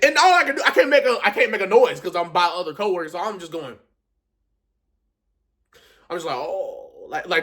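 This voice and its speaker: Man, reaction vlogger, slightly high voice, excitable, lots of fillers, casual recap. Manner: animated, excitable retelling with frequent fillers.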